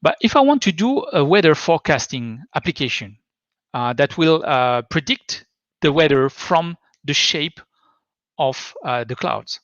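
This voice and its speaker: A man's voice: a little high, animated, measured pace, fairly bright tone, no room sound. A man giving a tech talk presentation, explaining in a hesitant, stop-start way. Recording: dull lo-fi dry sound.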